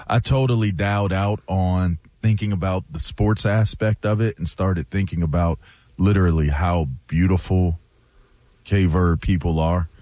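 A man co-hosting sports talk radio, his voice very deep and low. He is playful and stubborn, drawing out words for emphasis, in a dry studio sound with no room echo. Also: steady tone, moderate pace, dark tone. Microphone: studio microphone.

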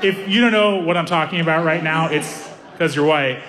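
A young man doing animated stand-up storytelling, acting out voices with sudden high-pitched outbursts. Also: moderate pace, long reverb tail, very noisy. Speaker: stand-up comedian.

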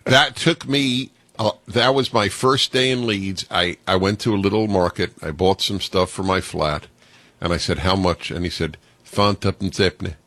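A man hosting a radio talk show, bantering with his guest in an enthusiastic, quick-witted way. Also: low-pitched, a bit bright, no room sound.

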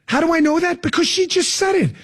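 A man's voice: extremely high pitch, fast. A man hosting political talk radio, sarcastic and emphatic, mocking what he hears. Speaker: radio talk show host.

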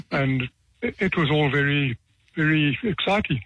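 A man in his seventies, a retired judge from South Africa, tells stories from his career with dry, self-deprecating humor and measured pauses. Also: on the high side, lively intonation, fairly bright tone, a little hiss or hum. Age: 70s. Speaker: retired judge, author guest. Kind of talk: relaxed anecdotal storytelling. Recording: dull, dry radio sound.

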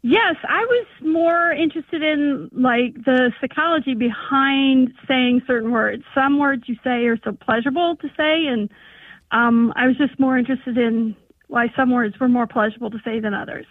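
High-voiced woman calling in by phone. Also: normal speed, no echo. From North Dakota. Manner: enthusiastic, hesitant with ums. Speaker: caller. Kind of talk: casual phone call to a radio show. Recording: tinny phone line.

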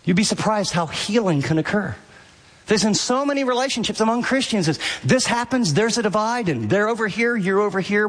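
A man preaching a sermon on a radio broadcast, animated, acting out the inner voices of his listeners. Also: high voice, long reverb tail. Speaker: pastor.

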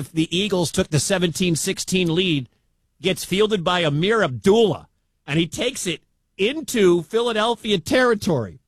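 A man calling a live game for radio from a stadium booth, his voice pitched high for a man. He is excitable and quick to break into shouts when a play lands. The sound is dry and close, with no room around him. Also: no echo. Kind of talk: live sports commentary.

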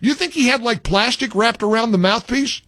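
A man's voice: very high voice, brisk, a bit bright, dry recording. An older man hosting a call-in radio talk show, joking and exasperated, talking with callers.

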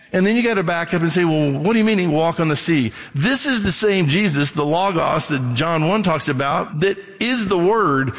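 A man's voice: a little high, a bit bright, in a large hall. A man preaching a conversational sermon as pastor, acting out Bible scenes and closing in prayer.

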